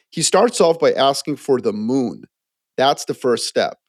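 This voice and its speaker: A man co-hosting a casual podcast, explaining his views in an animated way and acting out quotes. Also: mid-range voice, moderate pace, no echo, studio quality. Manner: animated, acts out quoted voices. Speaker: podcast co-host. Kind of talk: casual geopolitical chat.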